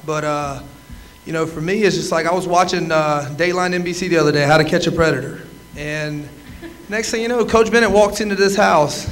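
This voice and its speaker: Guy in his 20s doing a roast at a banquet, jokey, lots of uhs, slightly high voice, faint room hum behind. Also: steady tone, fairly quick, rough recording. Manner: joking, teasing, many filler "uh"s. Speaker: roaster, former quarterback. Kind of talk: comedy roast speech.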